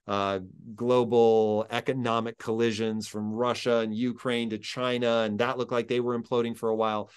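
This is an earnest man hosting a conversational interview, with a mid-range voice. He reasons out loud and often restarts his sentences as the thought comes together. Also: mid-range voice, clear, resonant tone. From United States. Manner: earnest, thinks aloud with restarts. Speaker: interview host.

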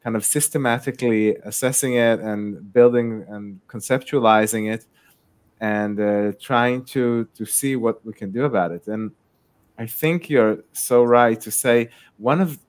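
A man from Israel with an Israeli accent, speaking as a panelist in a live discussion over a video call, halting, with many fillers and restarts. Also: medium pitch. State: sleepy, late at night. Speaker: researcher panelist.

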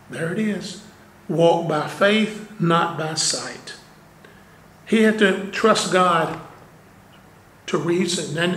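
A man preaching at an unhurried, deliberate pace, his voice sitting high for a man. He presses his points with rhetorical questions and plain, conversational asides. The sound carries a roomy church echo. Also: fairly bright tone. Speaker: pastor. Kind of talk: sermon. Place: church sanctuary.

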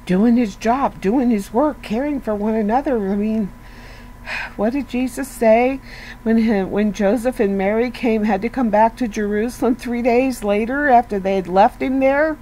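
A woman's voice: a little high, moderate pace, mellow, slight background noise, poor audio. Earnest woman giving a chatty devotional. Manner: conversational, earnest, peppered with "you know" and rhetorical questions. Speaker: devotional speaker. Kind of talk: casual devotional talk.

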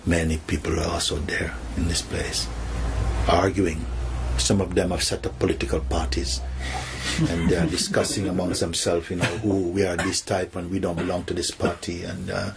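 A man, a spiritual teacher, telling a teaching story softly and acting out the characters' lines. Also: low-pitched, little pitch movement, normal speed, vocal fry, background noise.

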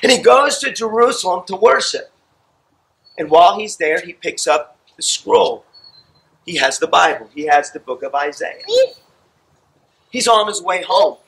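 A man preaching a sermon with a high, bright, forceful voice. He tells the story with animated flair, acting out the characters. He sounds out of breath from the effort. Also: a little slow, gravelly, pauses often, low-quality recording. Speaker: pastor.

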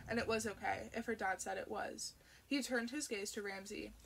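A woman narrating an audiobook in a steady, expressive way. Her voice sits at a middle pitch and has a gravelly, creaky texture. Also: moderate pace. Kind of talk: audiobook reading.

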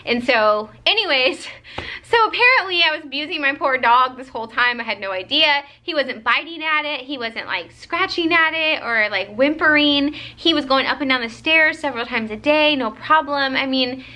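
A young woman vlogger, tired, chatting casually to camera and telling a story in an animated way with lots of fillers. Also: high-pitched, normal speed.

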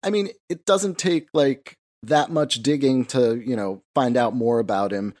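A man's voice: medium pitch, measured pace, darkish tone. A man co-hosting a casual podcast discussion, rambling with lots of fillers and swearing. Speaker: podcast co-host.

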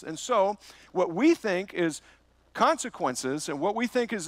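A man's voice: sits high, a bit bright, no echo. A man preaching a verse-by-verse sermon as pastor, telling a personal story with rhetorical questions.

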